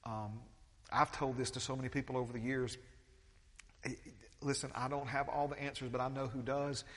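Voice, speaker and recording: A man's voice: mid-range voice, level tone, moderate pace, fairly bright tone, big-room sound. A man preaching a conversational sermon as pastor, with many restarts and acted-out quotes.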